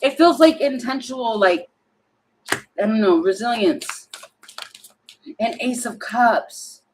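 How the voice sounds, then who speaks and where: Slow-talking woman reading tarot cards. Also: a little high, a little hiss or hum, low-quality recording. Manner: chatty, thinking aloud, sings snatches, laughs often. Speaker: tarot reader.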